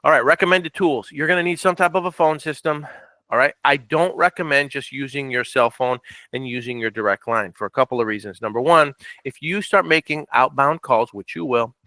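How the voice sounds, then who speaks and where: A man runs a business training session with a bright, forceful voice. He talks plainly and firmly, hammers his points home with repetition and keeps asking whether his listeners follow. The recording is close and dry. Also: medium pitch, a little fast, no echo. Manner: direct, repeats points, checks in with "okay?". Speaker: real estate investing trainer. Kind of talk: training presentation.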